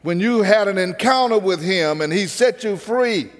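Preacher, male, high voice, rhythmic sermon cadence, long reverb. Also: animated, normal speed, faint music behind. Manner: preaching cadence, calls to the congregation.

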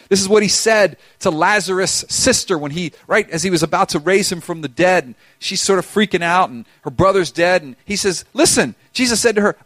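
High-voiced impassioned male preacher. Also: animated, a little fast, hardly any pauses, no echo. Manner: impassioned, swings between loud urging and hushed intensity. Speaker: pastor. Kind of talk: sermon.

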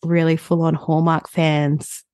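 A woman's voice: low voice, little pitch movement, measured pace, darkish tone, no room sound, clean studio sound. Giggly woman podcast host. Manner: giggly, chatty. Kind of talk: casual podcast chat.

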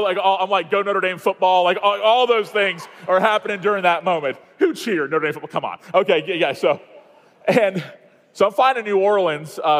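A man from Iowa preaches at a conference in a chatty, self-mocking storytelling way, full of quick asides and restarts. His voice sits a little high for a man. A long reverb from the large hall trails after each phrase. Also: fairly bright tone. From Iowa, USA. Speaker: conference speaker. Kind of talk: storytelling sermon.

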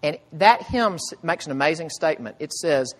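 Earnest male pastor preaching, slightly high voice, long hall reverb, swings from loud to hushed. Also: expressive, moderate pace. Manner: earnest, builds to loud emphatic cries then drops to hushed low tones. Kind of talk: sermon.

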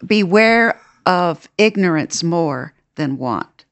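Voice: mid-range voice, lively intonation, takes it slowly, fairly bright tone. A co-host on a film podcast, chatting with playful asides. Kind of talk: casual chat.

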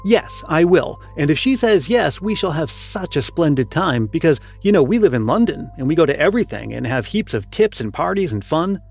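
A man's voice: fairly high pitch, big pitch swings, normal speed, gravelly, few pauses, husky, faint music behind, full character voice. A man voicing an eager, boastful but kind schoolboy in a storybook reading, lifting his voice as the boy. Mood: confident.

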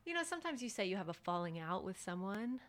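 A woman's voice: mid-range voice, sing-song, quick pace, a bit bright. A woman co-hosting a podcast, talking reflectively in casual chat and laughing often. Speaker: podcast co-host.

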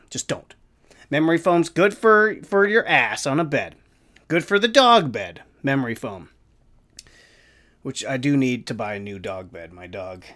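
A man's voice: medium pitch, fairly bright tone. A man hosting a casual solo podcast rant from home, rambling and self-deprecating, with plenty of swearing. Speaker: podcast host. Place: home room with the fan off.

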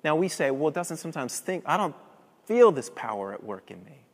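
Man, pastor, high voice, preaching a sermon, loud emphatic peaks, soft low drops, long hall reverb. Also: big pitch swings, fairly quick.

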